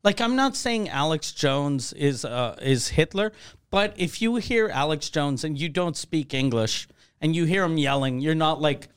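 A man with a fairly high voice and a lively, bouncing pitch, chiming in often with short agreements before landing crude punchlines. His talk is loose and conversational. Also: unhurried, clear, resonant tone. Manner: frequent "yeah" backchannels, crude punchlines. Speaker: podcast co-host. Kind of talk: casual comedic chat.

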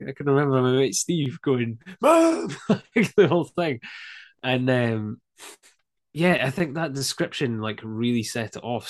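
Casual male podcast guest, thirties, animated and sweary, middle pitch. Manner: animated storyteller, swears, many fillers. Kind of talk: casual chat.

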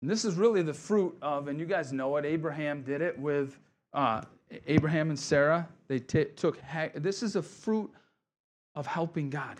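A man's voice: on the high side, moderate pace. A middle-aged man, preaching a sermon as pastor in a casual, joking way with asides. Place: church sanctuary.

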